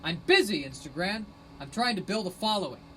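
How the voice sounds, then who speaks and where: A man hosting a rambling solo live stream on his phone, sarcastic and self-mocking, bursting into shouted rants. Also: high-pitched, expressive, brisk, slight background noise, low-quality recording. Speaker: podcast host streaming live.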